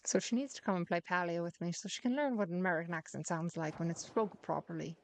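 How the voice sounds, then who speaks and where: A woman gives loose, chatty commentary as she plays, teasing and talking half to herself. Her voice sits a touch lower than most women's. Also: quick pace. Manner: chatty, teasing, mutters to herself while playing. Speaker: gaming streamer. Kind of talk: casual gameplay commentary.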